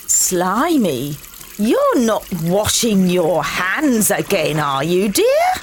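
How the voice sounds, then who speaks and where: A woman's voice: medium pitch, wildly swooping pitch, drawn-out words, slight background noise, exaggerated voice. A woman voicing a fussy mother who scolds her son in a children's audio story, with exaggerated, sing-song delivery. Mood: coaxing.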